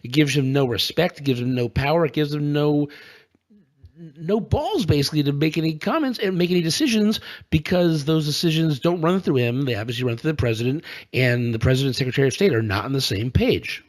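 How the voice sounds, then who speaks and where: Sarcastic man with a lively, higher voice. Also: brisk. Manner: sarcastic, exasperated, with many "um"s. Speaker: podcast co-host. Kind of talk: casual political chat.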